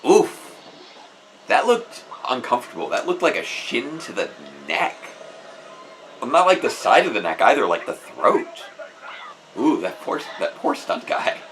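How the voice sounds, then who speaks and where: A man's voice: medium pitch, wildly swooping pitch, unhurried, fairly bright tone, a little hiss or hum, rough recording. A man hosting a casual live stream, chatting with enthusiasm and often restarting his sentences. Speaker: host.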